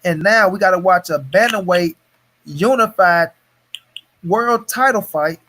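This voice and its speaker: High-voiced man ranting hard about boxing. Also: unhurried, a bit bright, a little hiss or hum. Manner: profane, heated ranting. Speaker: host of a boxing talk stream. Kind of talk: casual live-stream boxing chat.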